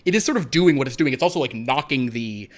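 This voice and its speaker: A man's voice: medium pitch, animated, quick pace. A man narrating a horror tabletop game as game master, rambling with many fillers and restarts.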